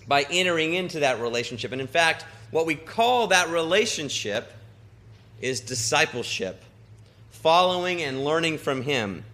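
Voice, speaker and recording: A man preaching a sermon in a church, earnest and emphatic, moving between quick asides and slow, deliberate stresses. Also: mid-range voice, a bit bright.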